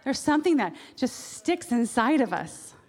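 A woman's voice: sits high, big pitch swings, moderate pace, darkish tone. A woman preacher giving a sermon in a conversational way, with personal asides. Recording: long reverb of a large hall.

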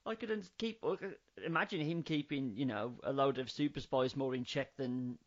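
A man's voice: medium pitch, moderate pace, lo-fi sound. A man co-hosting a casual film-review podcast, ranting in an exasperated, sweary way. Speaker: podcast co-host.

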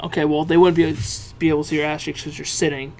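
A man's voice: a little high, level tone, fast, gravelly, a little mellow, a little hiss or hum. Give me a playful man in his twenties teasing his co-host on a podcast. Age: 20s. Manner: teasing, playful, laughs at jokes. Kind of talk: casual chat.

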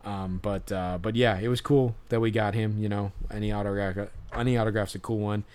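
A man's voice: fairly low pitch, steady tone, fairly quick, darkish tone. A young man hosting a podcast, telling a story in casual chat with many fillers and restarts. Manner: rambling, many fillers and restarts, laughs along. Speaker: podcast host.

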